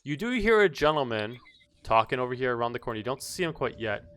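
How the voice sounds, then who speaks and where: Man, game master, mid-pitched voice, relaxed narration, asks for dice checks. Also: fast, a little hiss or hum. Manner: relaxed, loose narration with fillers. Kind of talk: describing scenes in a tabletop game.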